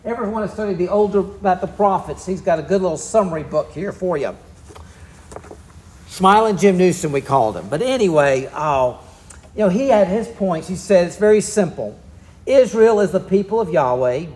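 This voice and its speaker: A man's voice: high-pitched, lively intonation, normal speed, a little mellow, roomy sound. A man with a Southern US accent preaching a sermon, telling the story in a folksy, easygoing way. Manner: folksy storytelling, drawling asides. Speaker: pastor.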